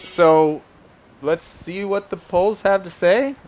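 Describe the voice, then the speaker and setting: A man's voice: high voice, slow, darkish tone, faint music behind. A man hosting a casual comic book panel show, announcing rounds and calling for votes in an upbeat way. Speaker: show host running votes.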